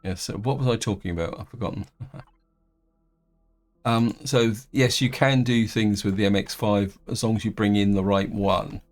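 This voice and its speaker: Low-voiced man rambling over gameplay. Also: fairly even intonation, normal speed. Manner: rambling, many restarts and fillers. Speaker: gaming video host. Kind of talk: casual let's-play commentary.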